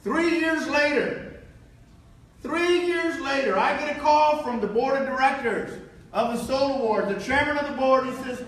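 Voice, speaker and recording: Man from Texas, very high voice, lively keynote storyteller who acts out his scenes; heard from a distance in a booming hall. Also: normal speed. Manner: animated storyteller acting out dialogue with laughs. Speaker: keynote speaker. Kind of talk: motivational storytelling speech. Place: large hotel event hall. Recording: very echoey hall, voice far from mic.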